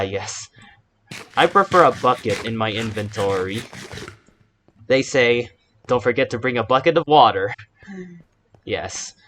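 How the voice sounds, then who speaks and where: A man's voice: medium pitch, sharp tone. A man giving casual, rambling commentary while he plays a video game, often correcting himself and wandering into asides. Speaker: gaming YouTuber. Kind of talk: casual Let's Play commentary.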